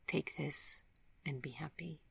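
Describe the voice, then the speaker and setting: A kindly man in a storybook who speaks softly and calmly, with formal phrasing and a low, hushed voice, as a woman narrator voices him. The voice is close and dry, with no room around it. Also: slow, creaky, husky, no echo, full character voice. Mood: gentle calm. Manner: quiet, calm, formal. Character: gentle, soft-spoken kindly man.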